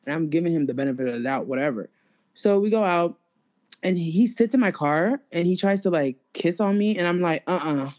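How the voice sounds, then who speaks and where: A young woman, hosting a podcast and telling a story to a friend in a casual, animated, slangy way, full of "like". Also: lowish voice, fairly quick. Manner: animated and slangy, filler-heavy with lots of "like". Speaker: podcast host.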